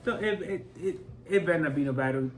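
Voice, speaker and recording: A man's voice: fairly high pitch, fast talker. A man co-hosting a casual comedy chat, playful and emphatic, laughing easily. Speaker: podcast co-host.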